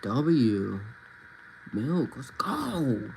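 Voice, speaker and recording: A man streaming live, chatting casually and reacting with relaxed slang. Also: mid-range voice, drawn-out words, gravelly, heavy background noise.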